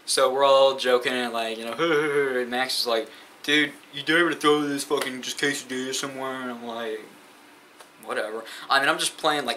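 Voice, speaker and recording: A man's voice: medium pitch, sharp tone, a little hiss or hum, rough recording. Profane, rambling teenage boy. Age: teens. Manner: profane, rambling, many fillers. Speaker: vlogger. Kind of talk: casual storytime rant.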